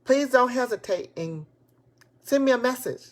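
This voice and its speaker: Excited woman giving a motivational talk. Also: on the high side, normal speed. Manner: excited, preachy, repeats her points. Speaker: motivational speaker and business coach. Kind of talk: live-streamed motivational talk. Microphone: tablet device.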